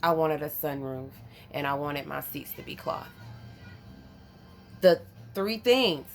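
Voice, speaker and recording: A woman from North Carolina, telling a story to her vlog viewers in a casual, animated, profane way, calling them y'all. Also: low voice, takes it slowly, faint music behind. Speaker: vlogger.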